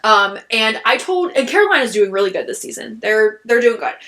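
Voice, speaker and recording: Woman podcast co-host, excitable rambler, bright tone. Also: a little high, a little fast. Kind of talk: casual chat.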